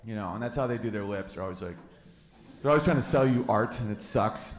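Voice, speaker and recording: A man's voice: lowish voice, fast. A man doing a stand-up set on a club stage, brash, mocking and profane. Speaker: stand-up comedian. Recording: roomy club echo.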